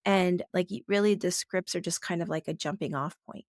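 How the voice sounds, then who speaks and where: A woman co-hosting a parenting podcast, with a gravelly fry in her voice. She talks casually and reflectively, thinking aloud with plenty of fillers. The sound is close and dry. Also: on the low side, brisk, no room sound.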